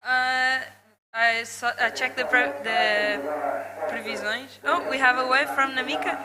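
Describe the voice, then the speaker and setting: Brief: woman with a fairly high voice, calm play-by-play, heavy crowd noise. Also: unhurried. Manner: describes replays step by step. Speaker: co-commentator. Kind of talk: live sports commentary. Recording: loud crowd behind.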